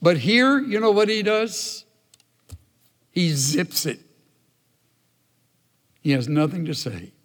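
A male preacher delivering a sermon in a slightly high voice, slow and emphatic. Long hall reverb rings around every phrase. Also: very animated. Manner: emphatic, storytelling.

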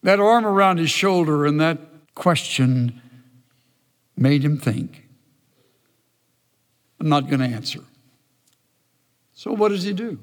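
A man's voice: fairly high pitch, animated, measured pace. A male preacher giving an emphatic sermon that tells the story as he goes. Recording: long hall reverb.

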